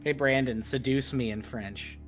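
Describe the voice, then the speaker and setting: A man's voice: medium pitch, measured pace, faint music behind. A playful man joking around with his tabletop game group in casual chat. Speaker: player.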